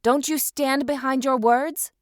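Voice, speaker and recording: A woman narrator voicing a secretive, ruthless male spy who speaks low and measured. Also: fairly even intonation, no echo, clean studio sound.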